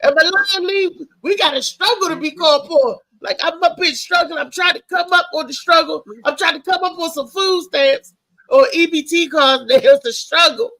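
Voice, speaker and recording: Woman, talk show host, gravelly, high, excitable. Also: normal speed. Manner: animated, loud and excitable, telling family stories. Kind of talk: casual live-show monologue.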